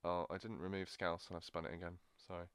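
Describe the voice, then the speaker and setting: A man's voice: sits low, level tone, quick pace, fairly bright tone, clean tone, no echo, clean studio sound. A young man co-hosting a casual podcast, often apologizing and laughing at himself. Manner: apologetic, laughing, self-deprecating. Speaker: podcast co-host. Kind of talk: casual chat.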